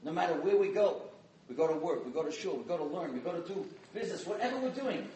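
A man giving an inspirational sermon as a dramatic storyteller, dropping to hushed tones and rising to loud emphasis. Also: sits high, racing, slight background noise. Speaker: guest speaker. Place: community event hall. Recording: echoey hall from far off, faint ambience.

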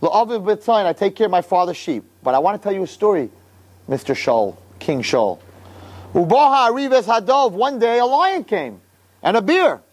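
A man voicing a gentle, earnest young male shepherd who asks innocent questions. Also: sits high, sing-song, normal speed.

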